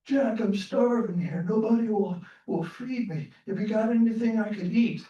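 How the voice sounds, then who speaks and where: Man putting on a frail old beggar, high thin voice, roomy sound from far off. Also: normal speed, warm tone, muffled recording, slight background noise, close to an everyday voice. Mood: pleading. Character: starving old beggar man, pleading, later radiant.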